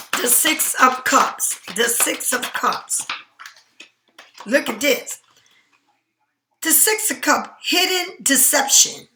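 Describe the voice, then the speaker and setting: With a high, bright, forceful voice and a roomy sound, a tarot card reader talks her way through a casual reading. She is chatty and emphatic and repeatedly checks in by asking "right?" and "all right?"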